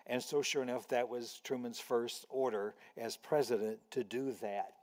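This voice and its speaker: A man's voice: medium pitch, normal speed, few pauses. An older man giving a storytelling lecture to a library audience, acting out quoted voices as he tells anecdotes. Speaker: guest speaker. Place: library auditorium. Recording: long hall reverb.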